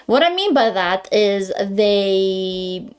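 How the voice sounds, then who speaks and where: A woman's voice: mid-range voice, lively intonation, drawn-out words, clear, resonant tone. Rambling young woman streamer. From Greece. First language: Greek. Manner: rambling, self-correcting, stammers and laughs often. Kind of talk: casual live-stream chat.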